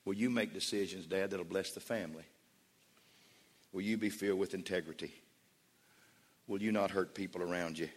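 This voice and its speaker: A man's voice: sits low, steady tone, moderate pace, pauses often, slightly rough. A man pastor preaching a sermon in a church, emphatic and repetitive. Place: church sanctuary. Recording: long church reverb.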